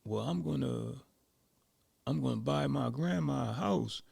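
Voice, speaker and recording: An eager young boxing hopeful with a high, excited sing-song voice, as a man puts him on. The voice keeps a husky, gravelly grain. It sounds close and dry. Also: measured pace, heavily acted. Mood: earnest.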